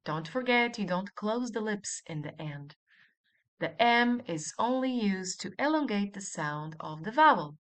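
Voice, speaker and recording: A woman teaching a language lesson, speaking slowly and clearly and repeating model words for the listener. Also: mid-range voice, expressive, a bit bright. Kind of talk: scripted language lesson narration.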